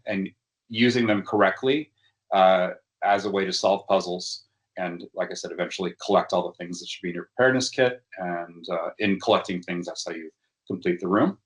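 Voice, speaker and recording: A man giving a workshop presentation, talking hesitantly with frequent fillers and restarts. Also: on the low side. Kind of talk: educational workshop talk.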